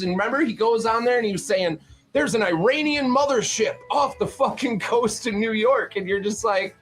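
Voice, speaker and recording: A man's voice: sits high, lively intonation, normal speed, faint music behind. A man hosting a livestream panel, ranting in a sarcastic, profane way and mocking others with quoted voices. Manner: sarcastic, swears constantly, mocks with put-on quotes. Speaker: panel host. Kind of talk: profane political rant on a livestream.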